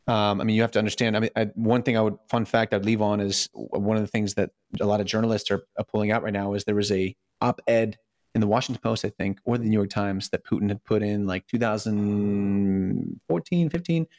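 A man's voice: on the low side, steady tone, a little fast, darkish tone, no echo, clean studio sound. Earnest man with frequent restarts. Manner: earnest, many restarts and fillers, rhetorical questions. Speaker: podcast co-host. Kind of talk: casual podcast discussion.

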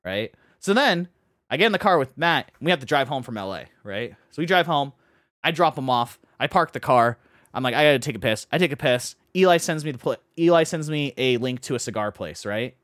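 A man telling a long story in casual chat, animated, acting out his friends' voices and filling his talk with "like" and "right?". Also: on the high side, no room sound, clean studio sound. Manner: fast, full of "like" and "right?".

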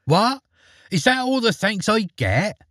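A man voicing a fearless, cheeky boy hero in a spoken storybook, with a husky voice raised well above his own. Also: high-pitched, big pitch swings, unhurried, no echo, clean studio sound, pitched above the performer's own voice, full character voice. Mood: affronted.

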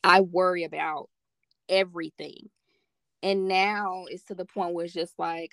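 A woman's voice: lowish voice, fairly even intonation, unhurried, gravelly, a bit bright, no room sound. A woman talking as a podcast guest in a casual, heartfelt chat, earnest and encouraging, repeating phrases for emphasis.

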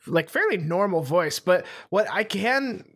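A man co-hosting a laid-back podcast with a slightly higher voice. He laughs easily and stumbles over words now and then. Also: lively intonation, measured pace. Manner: easygoing, giggly, stammers a little. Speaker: podcast co-host. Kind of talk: casual chat.

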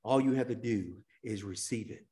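A man's voice: lowish voice, moderate pace. Preaching man with swinging dynamics. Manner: dynamic preacher, swings between loud emphasis and hushed drops; acts out quoted voices in colloquial speech. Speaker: pastor. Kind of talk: sermon.

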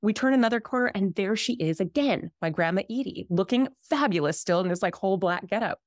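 A Reiki healer in her thirties, appearing as a podcast guest, tells a personal story in a casual, animated way and acts out the voices of the people in it. Her medium-pitched voice moves fairly quickly, recorded in clean studio sound with no room echo.

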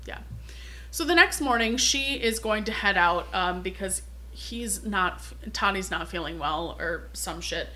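A woman's voice: mid-range voice, animated, unhurried, pushed and bright. A woman co-hosting a podcast, casually retelling a film's plot, swearing freely and acting out the characters' lines. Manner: swears freely, acts out quotes. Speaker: podcast co-host. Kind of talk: casual chat retelling a film.

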